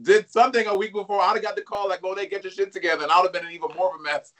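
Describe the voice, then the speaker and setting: A man talking as a guest on a casual chat show, candid and expressive, rambling through his stories. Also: high voice, racing.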